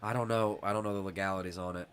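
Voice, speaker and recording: A man's voice: low voice, fairly even intonation, very fast, fairly bright tone, a little hiss or hum. A man hosting a casual live-stream podcast with a stuffed-up nose, talking frankly with his viewers and getting riled easily. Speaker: livestream podcast host.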